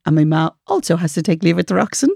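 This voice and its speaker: A woman's voice: lowish voice, animated, fast, creaky, mellow, no echo, clean studio sound. An Irish woman co-hosting a podcast, chatting wryly and laughing often. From Ireland. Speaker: podcast co-host. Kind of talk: casual chat.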